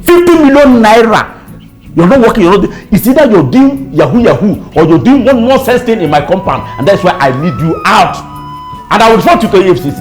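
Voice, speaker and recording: An actor with a Nigerian accent playing a stubborn, suspicious older landlord in a comedy skit, loud and indignant. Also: male voice, sits high, very animated, brisk, faint music behind.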